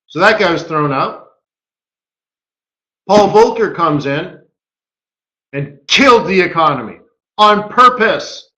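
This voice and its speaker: A man hosting a live trading webinar, animated and full of rhetorical questions. His voice is bright and fairly high for a man. The room echoes noticeably around him. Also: slow pace, long pauses. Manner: animated, rhetorical, keeps asking "right?". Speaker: market strategist hosting a webinar.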